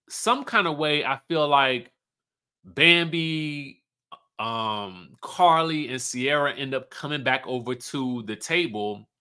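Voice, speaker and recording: A man giving a casual, animated recap of a reality TV episode and acting out the cast's lines as he goes. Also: medium pitch. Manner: chatty and animated, acts out cast members' lines.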